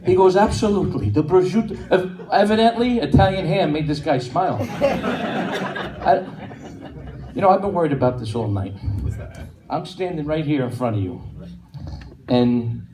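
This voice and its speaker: A man's voice: fairly high pitch, expressive, a little slow, pauses often. A middle-aged man doing chatty, punchy stand-up comedy on a club stage. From New Jersey. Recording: echoey club from far off with noise.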